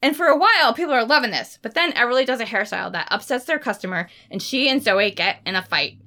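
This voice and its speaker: A woman co-hosting a book podcast, chatting casually and talking about books in an excited, expressive way. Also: on the high side. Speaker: podcast co-host.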